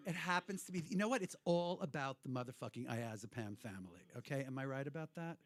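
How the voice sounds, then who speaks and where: A man's voice: medium pitch, lively intonation, fast talker, dry recording. Rambling, irreverent cabaret host, man. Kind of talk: cabaret stage banter. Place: hotel cabaret room.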